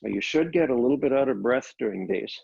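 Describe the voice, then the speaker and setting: A man teaching a Pilates class, calmly cueing each step of the exercises, recorded on a laptop microphone. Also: medium pitch, a little fast, vocal fry, husky, lo-fi sound. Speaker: Pilates instructor. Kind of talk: guided exercise class instruction.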